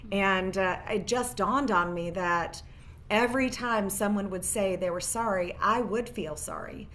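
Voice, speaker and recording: A woman's voice: medium pitch, unhurried, pushed and bright. A woman in her forties, a divorce lawyer guest, telling her story earnestly with many fillers. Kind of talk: interview storytelling.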